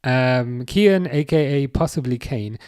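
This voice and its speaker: A man's voice: medium pitch, unhurried, darkish tone, clean tone, dry recording, studio quality. A man hosting a casual football livestream, reading out viewer comments and answering them, hesitant and full of fillers and restarts. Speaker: livestream host.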